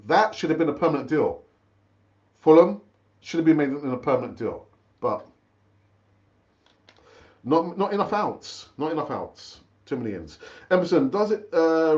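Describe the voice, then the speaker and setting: Middle-aged male stream host, fairly high voice, dull lo-fi sound, loose repetitive chat. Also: a little mellow. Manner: chatty, repeats himself, calls viewers brother. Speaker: football fan channel host. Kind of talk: casual live stream chat.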